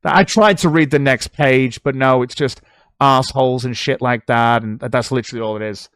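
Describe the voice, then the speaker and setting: This British livestreamer talks back at posts he reads out, sarcastic and sweary in a casual commentary style. He has a mid-range, steady voice at a moderate pace, a bit bright, clear and resonant, captured in a dry, clean studio recording.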